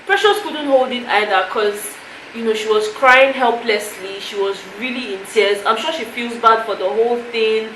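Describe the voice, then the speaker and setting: A woman's voice: fairly high pitch, normal speed, a bit bright. A woman recapping a reality show to camera in a chatty, emotional way, full of "you know" fillers. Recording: echoey room with faint noise.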